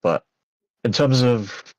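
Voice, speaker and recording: A man's voice: medium pitch, animated, takes it slowly, a little mellow, no room sound. A young man co-hosting a wrestling podcast, chatting casually and giving blunt, joking opinions. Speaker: podcast co-host. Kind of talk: casual chat.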